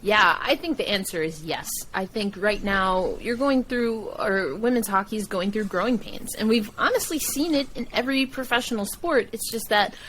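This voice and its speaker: Animated woman podcast guest. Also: mid-range voice, moderate pace, few pauses, slight background noise, poor audio. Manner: animated, laughs often, acts out quoted dialogue. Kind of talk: casual interview chat.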